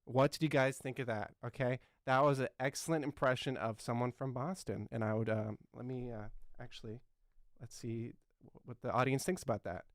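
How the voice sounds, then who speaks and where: A man's voice: medium pitch, fairly even intonation, normal speed, close to an everyday voice. A man in his twenties playing an earnest, clueless talk show host who rambles and fills his talk with ums and uhs. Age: 20s. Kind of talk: satirical talk show comedy.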